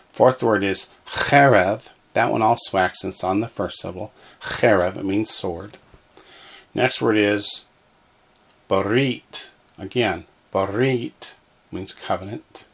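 Slow gravelly man teaching a language lesson. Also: on the low side, fairly bright tone. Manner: patient, reads each word twice for echoing. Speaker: Hebrew teacher.

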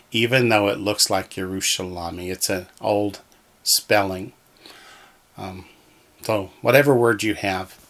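Slow, patient low-voiced male teacher. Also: a bit bright. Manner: slow, patient, repeats each word for learners to echo. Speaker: Hebrew teacher. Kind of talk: recorded lesson reading from a textbook. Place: alone in a room, talking to the wall.

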